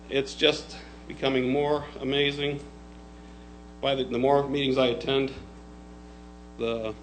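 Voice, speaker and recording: A man's voice: a little high, slight background noise, low-quality recording. Sarcastic man criticizing a county board. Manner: critical, sarcastic, rhetorical questions. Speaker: public commenter. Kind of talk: public comment at a county board meeting.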